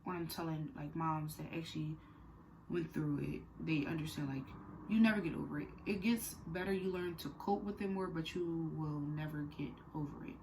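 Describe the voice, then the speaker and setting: Low-voiced young woman, candid vlog talk. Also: steady tone, normal speed, a little mellow, a little hiss or hum, low-quality recording. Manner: candid, conversational, many fillers and repeats; earnest and direct when advising. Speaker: vlogger. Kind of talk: personal storytime vlog.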